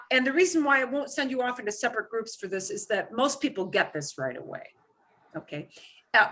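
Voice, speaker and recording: A woman's voice: on the high side, fairly bright tone. A woman teaching a beginner Spanish class over a video call, patiently modeling words for students to repeat.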